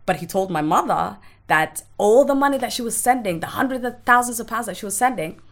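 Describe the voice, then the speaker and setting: A woman's voice: fairly high pitch, expressive, fairly bright tone. A woman guest on a podcast telling her own story in a frank, emotional way, swearing freely and often stopping to restart her sentences. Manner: halting, with restarts. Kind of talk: candid personal storytelling.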